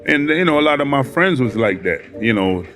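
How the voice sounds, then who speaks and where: A man's voice: mid-range voice, sing-song, a little fast, fairly bright tone, soft background music. A man from Boston, a former basketball player, recalling his career in an interview and repeating his points with emphasis. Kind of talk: interview recollection.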